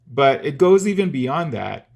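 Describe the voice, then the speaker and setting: A man's voice: mid-range voice, big pitch swings, unhurried, creaky, a little mellow. A man teaching music theory in a casual, methodical video lesson, explaining step by step with the odd filler.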